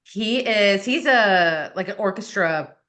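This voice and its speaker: Woman consultant, podcast chat: lively, animated delivery with a wide, bouncing pitch. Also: slow pace. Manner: animated, explains with lively asides. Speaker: education consultant and coach. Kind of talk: casual podcast conversation.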